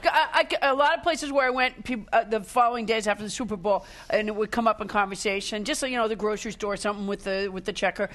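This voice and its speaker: A woman's voice: mid-range voice, fast, few pauses, fairly bright tone, slight background noise. Exasperated woman panelist, laughing. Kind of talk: comic panel banter.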